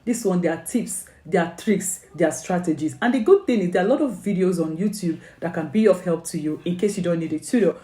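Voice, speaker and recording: Nigerian woman, english exam tutor, earnest coaching, mellow low voice, roomy echo. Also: a little fast, hardly any pauses. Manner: earnest, coaxing, asks many questions, frequent "okay?". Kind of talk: motivational exam advice video.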